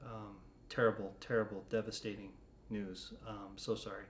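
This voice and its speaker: A man's voice: lowish voice, flat delivery, moderate pace, a little hiss or hum. A man co-hosting a live stream of psychic readings, reading out viewers' questions and answering them reassuringly, with frequent small restarts. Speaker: psychic medium, co-host.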